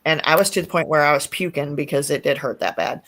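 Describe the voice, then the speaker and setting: Woman streamer, lowish voice, blunt, cussing, chatty storyteller. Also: fast talker, a bit bright. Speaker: livestream host. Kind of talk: casual chat. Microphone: streaming setup mic.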